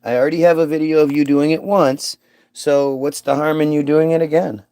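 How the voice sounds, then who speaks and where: A man with a fairly high voice chatting casually with an AI, pushy and insistent. The sound is dry and close. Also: fairly even intonation, fairly quick, mellow, clean tone, dry recording. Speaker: streamer talking to an AI. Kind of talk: casual chat.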